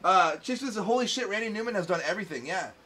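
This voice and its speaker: A man hosting a live stream, chatting casually and getting excitable. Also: sits high, quick pace. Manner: excitable, shouts song lyrics. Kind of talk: casual chat, karaoke singing. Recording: loud music behind.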